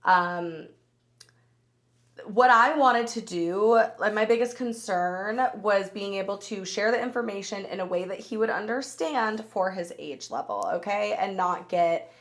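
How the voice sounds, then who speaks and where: A woman in her thirties hosting a podcast, telling personal stories in an animated, chatty way and laughing as she goes. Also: mid-range voice, unhurried. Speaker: podcast host. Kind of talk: solo storytelling podcast.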